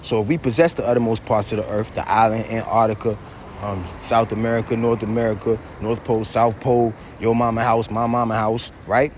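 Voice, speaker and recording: A man's voice: lowish voice, little pitch movement, brisk, slight background noise. A man vlogging outdoors, rambling in a heated, preachy way, quoting scripture and trailing off into mutters. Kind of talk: rambling street vlog with scripture quotes.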